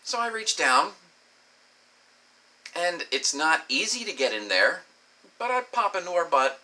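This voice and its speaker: A man's voice: fairly high pitch, big pitch swings, a little slow, pushed and bright, low-quality recording. A man telling a crude personal story as a rambling, profane vlog monologue, laughing often and saying "you know" a lot. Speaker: vlogger.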